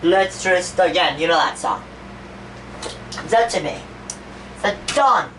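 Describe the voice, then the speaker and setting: A woman's voice: fairly low pitch, animated, measured pace, fairly bright tone, distant mic, slight background noise, low-quality recording. A woman voicing a grieving young man who gives a rambling, stammering eulogy in a homemade toy-figure animation. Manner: stammering, repeats words, rambling. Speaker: eulogy speaker.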